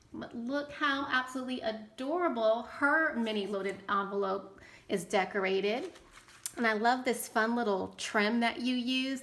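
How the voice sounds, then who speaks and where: A woman's voice: mid-range voice, a bit bright. A woman hosting a casual craft vlog, gushing with delight and exclaiming often as she shows off handmade tags she received in the mail. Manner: gushing, enthusiastic, lots of "oh my goodness". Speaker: craft channel host. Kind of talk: casual show-and-tell vlog. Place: indoors near bright sunlight.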